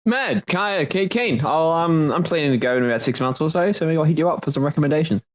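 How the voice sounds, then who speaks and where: A man chatting casually on a podcast, tossing in quick, blunt asides and the odd swear. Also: on the high side, animated.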